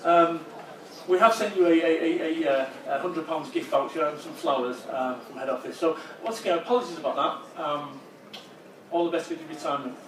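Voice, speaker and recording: A man's voice: a little high, a little fast, slight background noise, close to an everyday voice. A man voicing an apologetic, evasive male company director on the phone, hesitant and full of ums. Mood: awkward apology. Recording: roomy hall, voice far from mic.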